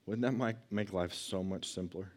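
A man's voice: low voice, normal speed. Chatty man giving a casual Bible lesson. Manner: chatty and animated, acts out quoted lines. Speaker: youth Bible teacher.

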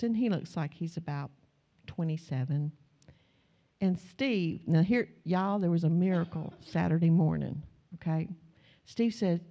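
A woman preaches in a folksy, conversational way, telling everyday stories and acting out the people in them. Her voice sits a little low and sounds warm and mellow. The recording is dull and lo-fi. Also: creaky. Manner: conversational, folksy, animated in quoted retellings. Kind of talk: sermon with storytelling.

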